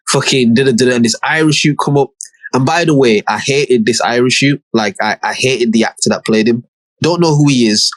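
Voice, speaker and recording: In a mid-range voice with no echo, a male podcast co-host retells a TV episode in casual chat. He's animated, acting out the characters' lines with slang and swearing.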